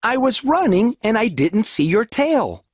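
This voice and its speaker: A man voicing a tiny, frightened male mouse who pleads in a high squeaky voice in a children's fable recording. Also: very animated, measured pace, no echo, studio quality, heavily acted. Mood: pleading. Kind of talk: storybook audio narration.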